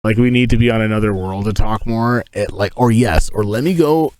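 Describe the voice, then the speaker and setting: A man's voice: on the low side, brisk, no echo. A man in his thirties chatting casually on a livestream, telling rambling stories full of swearing. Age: 30s. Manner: profane, rambling, animated storytelling. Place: inside a tent.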